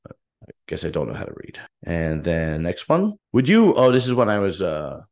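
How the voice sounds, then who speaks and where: A man's voice: low voice, huge pitch swings, normal speed, a little mellow. A man hosting his own bodybuilding show, talking alone in a rambling, self-mocking way with loose restarts. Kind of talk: casual solo monologue.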